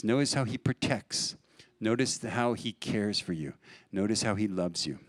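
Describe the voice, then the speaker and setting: A man's voice: medium pitch, no room sound. A middle-aged pastor from New preaches in an easy conversational way. His voice sits in an ordinary middle register, and the sound is dry and close with little room around it. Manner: conversational, storytelling with laughs. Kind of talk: sermon.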